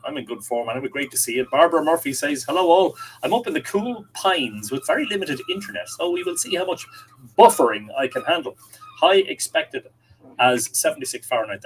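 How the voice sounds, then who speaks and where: An Irish man livestreams casually from a home room with the window open, chattily reading viewer comments aloud and answering them. His mid-range, slightly bright voice has a breathy edge, and the recording from his desk microphone, which he adjusts during the stream, is rough.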